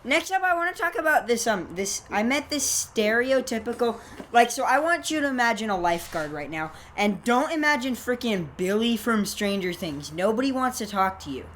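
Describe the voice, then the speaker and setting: A woman's voice: on the high side, animated, moderate pace, fairly bright tone, slight background noise. A young woman co-hosting a comedy podcast, telling silly stories in a playful, rambling way. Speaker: podcast co-host. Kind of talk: casual comedic chat.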